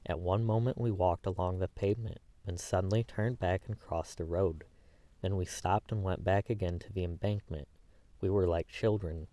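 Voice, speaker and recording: A man's voice: low voice, steady tone, normal speed, warm tone, no echo. A man narrating a classic novel as an audiobook, reading the dialogue plainly with little change of voice between the characters.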